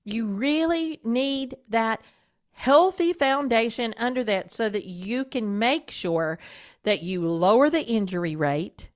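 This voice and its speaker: A woman who hosts a podcast and teaches voice, coaching listeners in a steady instructional monologue and often asking them direct questions. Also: medium pitch.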